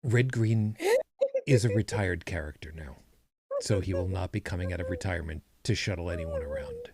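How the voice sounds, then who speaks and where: A man's voice: low voice, moderate pace, a crowd in the background. A man co-hosting a podcast, chatting casually with a rambling, self-correcting manner and dry humor. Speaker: podcast co-host. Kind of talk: casual chat.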